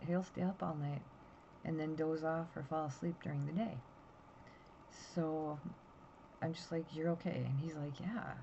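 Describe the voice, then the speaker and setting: This woman in her fifties, a vlogger, talks casually into her phone camera with a low, gravelly, dark voice. Tired and yawning, she rambles anxiously through a story, captured in dull lo-fi sound with faint noise.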